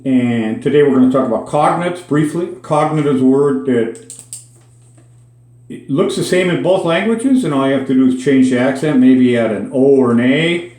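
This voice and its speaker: In an echoey room, a man with a Minnesota accent hosts a casual spoken lesson on a Spanish word of the day. He's chatty and folksy with dry asides, speaking at a moderate pace in a medium-pitched, darkish voice.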